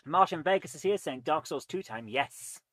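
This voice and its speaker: A man chats casually on a live game stream, rambling, reading viewer comments aloud and eating between remarks. His voice is a little high and fairly bright, with lively intonation and a normal speed.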